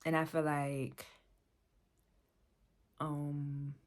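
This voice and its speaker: Low-voiced woman talking candidly. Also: completely flat delivery, very slow. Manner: candid, repetitive, emphatic. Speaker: vlogger. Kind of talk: candid personal vlog talk.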